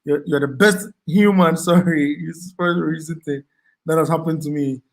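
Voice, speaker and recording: A man with a Ghanaian accent hosts a relaxed live chat, working through viewer comments and thanking people one by one. His voice sits a little higher than most men's, and he often pauses on ums and repeats himself. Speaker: livestream host reading viewer chat.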